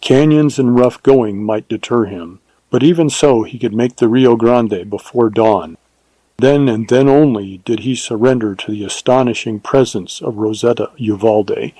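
Mellow male audiobook narrator. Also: mid-range voice, breathy edge, dry recording. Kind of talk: scripted narration.

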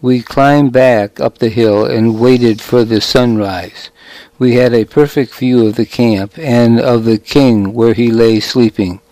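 A man narrating a story in a measured, deliberate reading style. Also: medium pitch, fairly even intonation, dark tone, no echo, low-quality recording.

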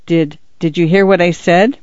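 A man's voice: high-pitched, fairly even intonation, a little mellow, smooth, dry recording, dull audio, close to an everyday voice. A man voicing a short-tempered rancher father who speaks curtly in a storybook reading. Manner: curt, quick to anger. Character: irritable middle-aged male rancher father.

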